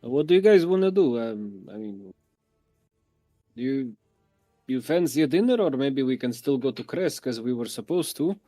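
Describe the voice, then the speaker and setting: Man, tabletop player, joking easygoing chat, mellow tone, dry recording. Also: medium pitch, expressive, moderate pace, dry recording, soft background music. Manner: joking, easygoing, thinks aloud. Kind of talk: casual game chat.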